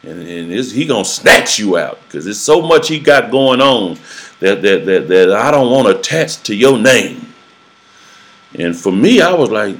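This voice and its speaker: Deep-voiced preacher, halting and earnest. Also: male voice, sing-song, a bit bright. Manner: halting, repeats words often, earnest. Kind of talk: personal testimony in a casual interview.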